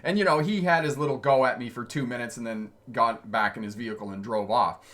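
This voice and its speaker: Guy on a livestream chatting about driving, mid-pitched voice, keeps chuckling through his stories, easygoing. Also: brisk, fairly bright tone. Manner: chatty, laughs often mid-sentence. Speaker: driving instructor and channel host. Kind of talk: casual livestream storytelling, answering chat comments.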